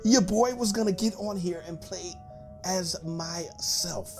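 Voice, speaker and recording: A man giving excited, playful gameplay commentary as a gaming YouTuber, teasing and laughing often. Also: high voice, normal speed, music in the background.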